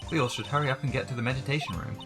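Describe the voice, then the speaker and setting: A man voicing a loud, pushy woman photographer with a put-on Southern drawl, folksy and excitable, over game music. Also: mid-range voice, racing, voice pushed up, natural voice.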